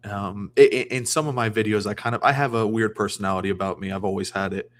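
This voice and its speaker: A man's voice: on the low side, fairly even intonation, quick pace. A man chatting casually as a guest on a livestream, rambling with many restarts. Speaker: guest streamer.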